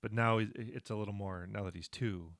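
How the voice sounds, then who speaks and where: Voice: low voice, fairly even intonation, brisk, dry recording, studio quality. A comedy podcast co-host in casual chat, often stammering, hesitating and laughing.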